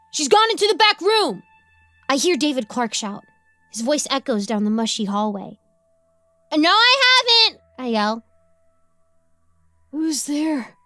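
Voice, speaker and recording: A woman's voice: on the high side, no room sound. Playful woman reading a horror story. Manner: playful, breathless girlish delivery with sudden yelps and giggles. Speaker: narrator. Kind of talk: first-person horror story narration.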